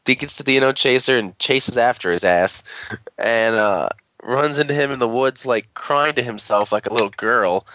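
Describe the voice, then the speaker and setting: A man's voice: mid-range voice, moderate pace, pushed and bright, no room sound, lo-fi sound. A man on a podcast recapping a show episode in a rambling, crude casual way, full of fillers and quoted lines. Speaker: podcast host.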